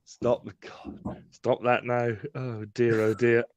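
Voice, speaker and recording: A man's voice: medium pitch, completely flat delivery, takes it slowly, no echo. A man co-hosting a casual live-stream chat on a video call, chatty, laughing often and full of fillers. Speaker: co-host. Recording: dry, slightly dull call audio.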